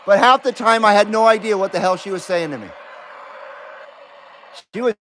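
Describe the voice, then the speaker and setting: A middle-aged man with a notably high speaking voice hosts a live CB radio stream from his home station. He keeps the chat casual, bantering and joking with whoever comes through. A faint hiss sits under his voice. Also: normal speed, a bit bright.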